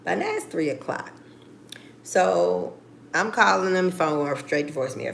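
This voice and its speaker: A woman's voice: on the low side, lively intonation, a little slow, vocal fry, a little hiss or hum. A middle-aged woman telling a story casually and bluntly, with plenty of swearing, acting out her phone calls. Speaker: vlogger.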